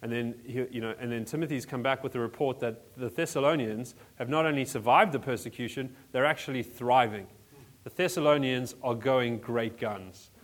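A man's voice: medium pitch, normal speed. A man from South Africa preaching a sermon as a pastor in a church, in a conversational way with frequent restarts. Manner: conversational, restarts often, many fillers.

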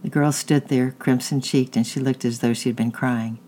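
Steady audiobook narrator. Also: medium pitch, moderate pace, slight background noise. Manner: steady storytelling. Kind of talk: audiobook reading.

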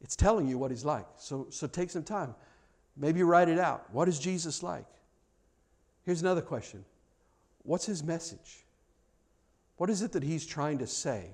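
A middle-aged man preaching a sermon as pastor, earnest and animated, often repeating words as he restarts his sentences. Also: fairly high pitch, normal speed, long pauses.

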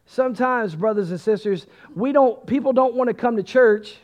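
A male pastor preaching a sermon and telling his own testimony, swinging between loud bursts and hushed asides. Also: very high voice, normal speed, few pauses, highs cut off.

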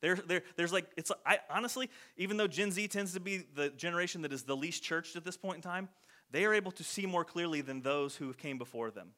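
A man preaching a casual, conversational sermon, animated and acting out quotes in different voices. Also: a little high, fairly quick. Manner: animated, acts out quotes in voices, many "like" fillers.

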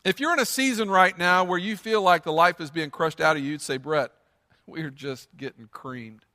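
A little fast, a pastor's earnest and emphatic sermon fills a church sanctuary as he repeats his points for force. His voice is high and bright and carries a long reverb from the big room.

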